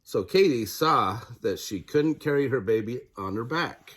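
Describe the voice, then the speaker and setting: An older man, a grandfather, narrating a children's picture book aloud in a gentle storyteller manner. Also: medium pitch, expressive, unhurried, slight background noise.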